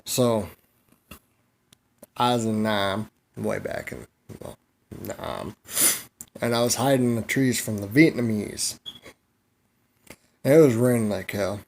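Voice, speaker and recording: A man's voice: on the low side, slow, gravelly, pauses often, slight background noise. A man vlogging a crude comedic monologue, rambling, swearing freely and laughing at his own jokes.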